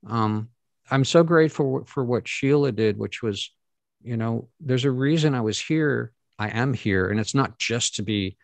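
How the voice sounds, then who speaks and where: Deep-voiced man telling stories earnestly. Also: unhurried, gravelly, no room sound. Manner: earnest, storytelling, rambling asides. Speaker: guest. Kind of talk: casual conversation.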